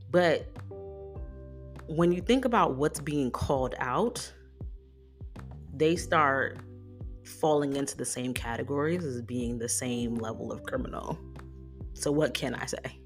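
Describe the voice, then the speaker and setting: A woman hosting a solo podcast, talking through a run of rhetorical questions in an animated, emphatic way. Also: a bass voice, takes it slowly, long pauses, soft background music. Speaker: podcast host.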